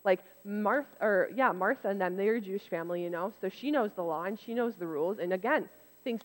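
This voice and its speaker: Woman preacher, casual delivery, mid pitch, long hall reverb. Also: fairly quick. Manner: conversational, animated when quoting others. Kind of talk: casual sermon.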